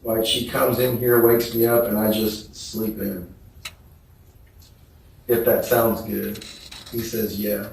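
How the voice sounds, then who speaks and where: Testifying in court, a man with a lowish, creaky voice reads text messages out slowly, flatly, and in a measured way. The distant courtroom microphone picks up heavy echo and a faint background hiss.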